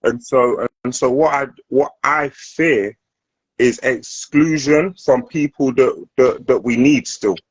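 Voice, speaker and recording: Husky-voiced man asking earnest questions. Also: medium pitch, takes it slowly, no echo, highs cut off. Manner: earnest, probing questions, emphatic. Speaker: host. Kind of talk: casual discussion.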